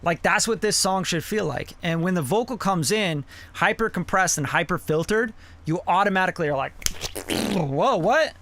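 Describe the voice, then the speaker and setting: A man's voice: high-pitched, normal speed, pushed and bright. A man hosting a live song review, giving blunt, profane mixing feedback in a casual, rambling way. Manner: blunt and profane, with many fillers like "you know".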